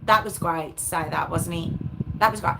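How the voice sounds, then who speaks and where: A woman's voice: on the low side, normal speed. A woman hosting a live stream, chatting casually with her viewers in a rambling, self-mocking way. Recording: clear background noise with clicks.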